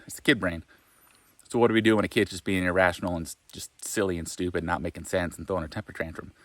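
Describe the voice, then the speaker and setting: Guy vlogging to camera, lowish voice, dry close sound, talks frank and rambly and swears a lot. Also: a bit bright, no room sound. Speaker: self-help vlogger. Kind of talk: casual spoken monologue.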